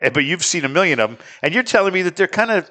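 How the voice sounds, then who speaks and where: A middle-aged man hosting a casual talk show, telling lively stories and chatting with his guests. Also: high-pitched, rapid-fire. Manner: chatty, animated anecdote teller. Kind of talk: casual studio chat and storytelling.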